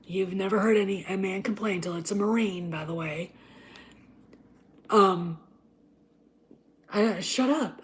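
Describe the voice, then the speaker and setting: A woman host ranting in casual commentary, profane and emphatic, often dropping into a harsh whisper before surging back loud. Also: mid-range voice, unhurried, long pauses. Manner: profane, emphatic, repeats itself; drops to an unvoiced whisper and back.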